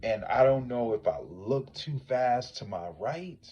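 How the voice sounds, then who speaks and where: Animated man telling a story. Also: mid-range voice, measured pace, highs cut off, a little hiss or hum. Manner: animated, swings from hushed to loud exclaiming. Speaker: psychic tarot reader on a livestream. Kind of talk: casual storytelling to viewers.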